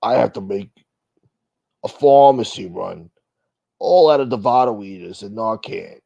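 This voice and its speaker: A gravelly-voiced man talks loosely through a livestream, reading viewer comments and tossing off blunt, profane wisecracks. The sound is dull and lo-fi, and the recording is very dry, with no room echo. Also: fairly low pitch, animated, measured pace. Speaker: livestream host.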